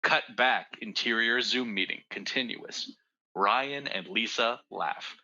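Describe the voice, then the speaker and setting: A man's voice: slow, dull audio, a little hiss or hum. A man from Canada co-hosting a comedy podcast over a video call, reading script directions and teasing his friends. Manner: excitable, teasing, jumps up in pitch.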